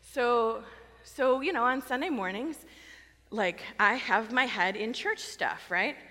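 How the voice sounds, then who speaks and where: A middle-aged woman pastor giving a conversational, animated sermon on a microphone, telling a personal story and acting out quoted lines. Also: fairly high pitch, takes it slowly. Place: church sanctuary. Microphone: wearing a microphone. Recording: long reverb of a church hall.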